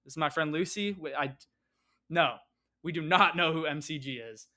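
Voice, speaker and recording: A man's voice: a little high, moderate pace, bright, forceful tone. Teen joker, nervous and pleading, slightly raised voice, as a young man acts him out. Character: joking teenage boy, pleading nervously.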